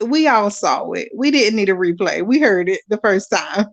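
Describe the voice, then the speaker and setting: A woman hosting a live watch-along, reading viewer comments aloud and chatting casually to her audience, animated and quick to laugh. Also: mid-range voice, gravelly, dull audio. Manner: animated, laughs often, talks straight to viewers. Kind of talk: casual live-stream chat.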